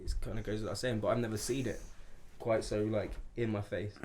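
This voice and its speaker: A man's voice: on the low side, fairly even intonation, fairly quick, darkish tone, a little hiss or hum. A man talking as a podcast guest in casual chat, rambling with many restarts and fillers.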